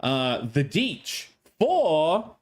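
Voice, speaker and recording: A man's voice: a little high, huge pitch swings, extremely slow. A male streamer with a strained throat, chatting in a playful, jokey way and swearing freely. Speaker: streamer, host. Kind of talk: casual live-stream chat.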